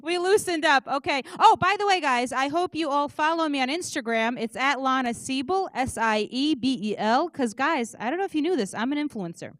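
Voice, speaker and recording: Woman, high voice, dry close mic, warm-up comic, loud crowd-hyping. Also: lively intonation, fairly quick, hardly any pauses, dry recording. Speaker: audience warm-up comedian. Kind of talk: stand-up warm-up, leading applause. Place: auditorium.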